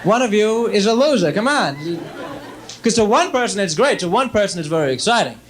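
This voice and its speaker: High-voiced stand-up comedian man. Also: very animated, brisk, some chatter behind. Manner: chatty, rambling, addresses the audience directly; slips into exasperated mock dialogue.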